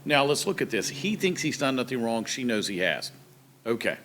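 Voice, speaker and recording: A man's voice: medium pitch, big pitch swings, normal speed, a bit bright, a little hiss or hum. Pastor-host, male, folksy and chatty, acts out quotes. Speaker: pastor and talk show host. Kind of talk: casual monologue.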